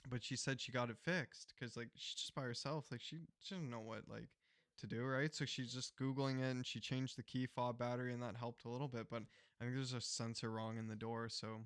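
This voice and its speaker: A man's voice: medium pitch, brisk, clean tone, no echo. Brief: young male podcast co-host, casual and profane, dry close mic. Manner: profane storytelling with animated quotes. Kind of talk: casual chat.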